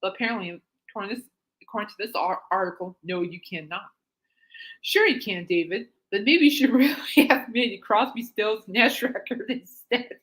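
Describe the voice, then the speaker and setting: A woman hosts a casual podcast, reading music articles aloud and then adding amused, giggly asides, snorting when she laughs. Her voice is medium-pitched and fairly bright at a normal speed, with a little hiss or hum in the recording.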